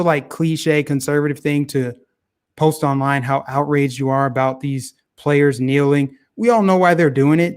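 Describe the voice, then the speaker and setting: A man hosting a casual talk show, giving opinionated political commentary that is animated and heavy on repeated phrases. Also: on the high side.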